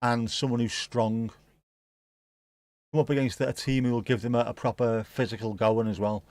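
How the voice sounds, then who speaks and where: This is casual live match chat: a man watching football along with his audience, rambling, joking and swearing freely. His medium-pitched voice is level, a little mellow and at normal speed, with no room sound.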